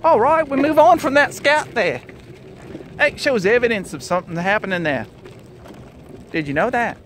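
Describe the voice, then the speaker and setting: High, lively man joking on an outdoor trail. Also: normal speed, a little hiss or hum. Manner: playful, jokey running commentary. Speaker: vlogger. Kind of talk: casual outdoor chat while riding. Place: outdoors on a nature preserve trail.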